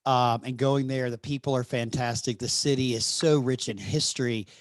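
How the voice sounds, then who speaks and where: A man's voice: medium pitch, fairly even intonation, normal speed, no room sound, studio quality. A man with a Southern accent hosting an interview, upbeat and friendly as he asks questions. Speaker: podcast host. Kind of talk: interview conversation.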